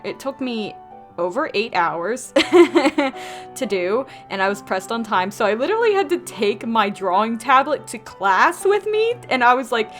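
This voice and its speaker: A young woman with a Southern US accent talks through a speedpaint in a chatty, animated way. Her voice sits a little high, and quiet music plays beneath it. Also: a little slow. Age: young adult. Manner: chatty, animated, quotes people in put-on voices. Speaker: artist vlogger. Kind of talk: casual storytelling over a speedpaint.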